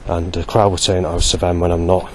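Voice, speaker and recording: A man vlogging a spoken diary outdoors, halting and correcting himself as he goes. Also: deep voice, flat delivery, slight background noise. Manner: halting, with many restarts and self-corrections. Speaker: vlogger recording a daily log.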